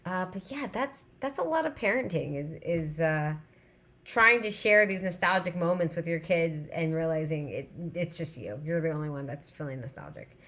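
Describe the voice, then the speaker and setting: Mom in her 30s rambling on her stream, bright voice, talks to chat. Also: fairly low pitch, lively intonation, normal speed. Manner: rambling, chatty, reads chat aloud. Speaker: livestream host. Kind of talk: casual chat to live chat.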